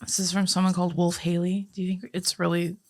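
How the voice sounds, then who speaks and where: A woman's voice: on the low side, flat delivery, fast talker. A young woman co-hosting a podcast, giggling often as she shares family bits in casual chat. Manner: giggly, laughs often between lines. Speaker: podcast co-host.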